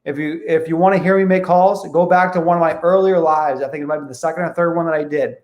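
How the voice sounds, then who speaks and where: A man's voice: on the high side, fairly even intonation, fast, darkish tone, reverberant. A man coaching sales calls in an online training talk, emphatic, often checking in with his listeners. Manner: emphatic, keeps checking in with "okay?". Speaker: real estate investing coach.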